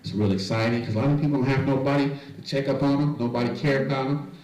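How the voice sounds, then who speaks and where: A man's voice: mid-range voice, fairly even intonation, fast, darkish tone. A male stand-up comedian on a club stage, telling loose, profane stories with plenty of animation. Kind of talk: stand-up storytelling. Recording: echoey club, mic far off, crowd.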